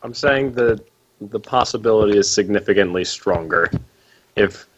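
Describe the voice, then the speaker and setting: A man playing a tabletop game who explains things in a measured way. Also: on the low side, highs cut off, background noise. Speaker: player. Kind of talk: in-character tabletop game talk.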